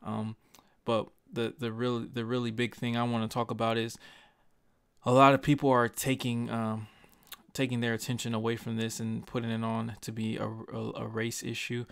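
A young man records a personal commentary vlog at his desk mic, his voice gravelly with vocal fry and fairly flat in pitch. He speaks earnestly and passionately, tripping over words and restarting, with casual swearing. The sound is dry and close, with no room echo. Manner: earnest, halting, frequent restarts and stutters. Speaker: YouTuber. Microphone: desk microphone.

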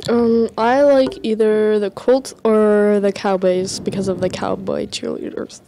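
A woman's voice: mid-range voice, flat delivery, measured pace, noisy background. A young woman co-hosting a student broadcast, teasing and casual. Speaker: student co-host.

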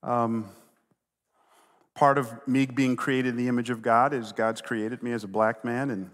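A middle-aged man preaching a sermon as pastor, telling stories with animated swings from loud to hushed. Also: mid-range voice, a little slow. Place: church sanctuary. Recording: long reverb of a large hall.

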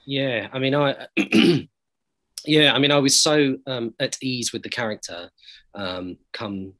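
A man's voice: mid-range voice, takes it slowly, fairly bright tone, poor audio. A man, an actor being interviewed, giving earnest, reflective answers full of hesitations and restarts. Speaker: actor interviewed about a series.

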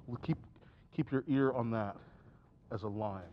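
A man's voice: fairly low pitch, normal speed, slight background noise. A man giving a piano masterclass, coaching a student with encouragement and often singing phrases or counting beats aloud. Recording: slightly dull recording with piano. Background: piano playing.

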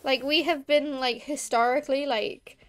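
A high-voiced woman from Liverpool chats away on her game stream, her Scouse accent soft but there. She rambles along with plenty of "like" and "um", loose and casual. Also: fairly even intonation, normal speed. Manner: rambling and chatty, lots of fillers.

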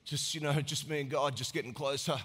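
A man voicing a showy, self-pitying man who murmurs about his fasting in a low, pitiful voice, in an echoey hall. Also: fairly even intonation, a bit bright, slightly rough. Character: showy mopey male faster, sighing and self-pitying.

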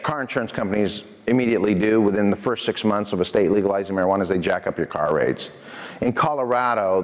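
A man giving a lively prevention talk to a youth audience, telling stories and speaking to the crowd directly. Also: medium pitch. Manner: energetic, addresses audience directly. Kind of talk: lively presentation with storytelling. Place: church hall. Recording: echoey hall.

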